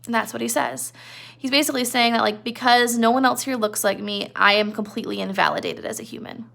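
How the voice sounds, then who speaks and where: Gravelly-voiced woman teaching a novel. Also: on the high side, fast talker, fairly bright tone. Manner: conversational, explains with asides and checks. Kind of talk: classroom lecture retelling a novel.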